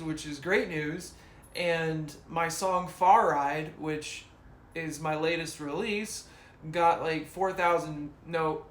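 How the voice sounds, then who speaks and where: A man chatting casually on a live stream from his home, slow and hesitant with many fillers. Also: a little high, a bit bright. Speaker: streamer and musician. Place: home room. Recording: roomy echo, faint room noise.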